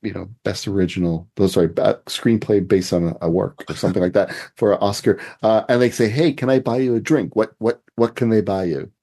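A Canadian man with a low voice hosts a relaxed podcast interview. His tone is warm and mellow. He talks haltingly and stumbles through fillers and restarts before landing his point. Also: vocal fry. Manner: halting, with many fillers and restarts, laughs often. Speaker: podcast host. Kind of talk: casual interview chat.

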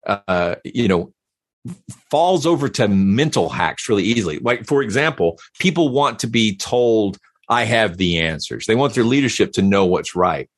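A man talking casually as a podcast guest, animated and given to repeating words as he starts a thought. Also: lowish voice, no echo, clean studio sound. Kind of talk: casual conversation.

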